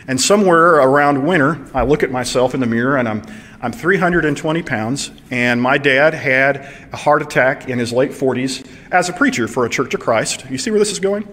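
Pastor from preaching in a hall. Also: male voice, mid-range voice, lively intonation, a little fast, a bit bright. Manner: conversational, asks the audience questions. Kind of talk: sermon. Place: church.

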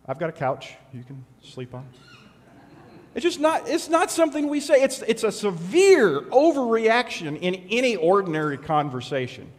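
A middle-aged man preaching a sermon as pastor, conversational and animated with sudden loud bursts. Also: on the high side, brisk. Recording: long hall reverb.

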